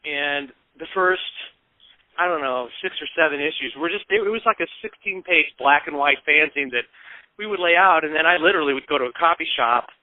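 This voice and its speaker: A man's voice: a little high, brisk, dry recording. Chatty man on a tinny, dry line. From Peoria, Illinois, US. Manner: lively anecdotes, acts out quoted voices, swears casually. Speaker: guest. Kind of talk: casual storytelling interview. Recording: tinny phone-like dry sound.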